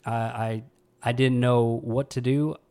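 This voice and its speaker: A man in his thirties from Mississippi, hosting a podcast and telling a personal story in a somber, halting way with many restarts. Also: medium pitch, flat delivery, a little mellow, clear, resonant tone. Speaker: podcast host.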